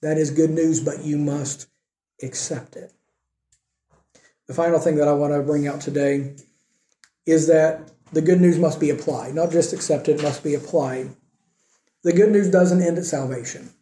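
A man preaching a sermon, asking rhetorical questions and moving between emphatic lines and hushed ones. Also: on the high side, steady tone, moderate pace, long pauses. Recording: echoey room.

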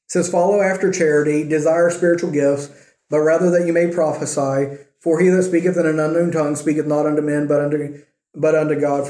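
Male pastor, fairly high mellow voice, easygoing sermon delivery, roomy echo. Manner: conversational preaching, checks in with "right?" and "okay?".

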